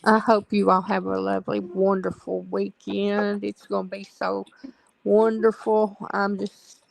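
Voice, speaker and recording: A soft-spoken woman chatting casually on a livestream, relaying messages from the chat in a slow, gentle way. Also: mid-range voice, little pitch movement, gravelly, no echo, low-quality recording.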